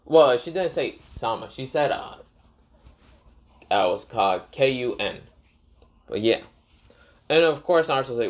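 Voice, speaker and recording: A man's voice: medium pitch, lively intonation, unhurried, pauses often. Rambling man retelling a fan story. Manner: rambling, frequent fillers and self-corrections. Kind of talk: casual spoken story retelling.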